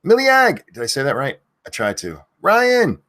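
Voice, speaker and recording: A man hosting a live stream, chatting casually, swearing a lot, and yelling out viewers' names now and then. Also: medium pitch, lively intonation, fast.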